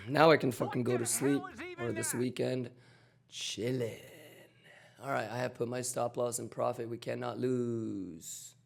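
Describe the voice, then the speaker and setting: Hoarse gravelly man hyping his stream. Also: medium pitch, fairly even intonation, moderate pace. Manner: loud, swaggering, profane hype with chants. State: hoarse, voice almost gone. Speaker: trading livestream host. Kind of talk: hyped livestream chat. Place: home.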